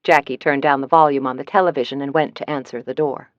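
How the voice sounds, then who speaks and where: Woman narrator, first-person audiobook, measured delivery, dry, slightly dull audio. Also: a bass voice, fairly even intonation, no room sound.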